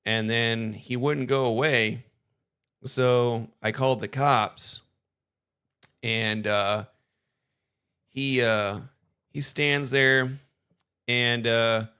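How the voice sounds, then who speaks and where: A man's voice: on the low side, bright, forceful tone, clear, resonant tone. A young man casually telling a story to camera, rambling and hesitant, often chuckling between phrases.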